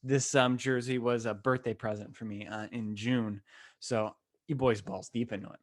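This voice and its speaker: A man's voice: medium pitch, normal speed. A young man hosts his podcast alone, telling a long story in a loose, slangy way. He rambles and gets worked up as he goes, with a voice that sits in an ordinary middle range for a man. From Western New York. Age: 20s. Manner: animated, rambling, slangy and excitable. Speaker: podcast host. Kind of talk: casual solo podcast storytelling. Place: temporary room, not his usual setup.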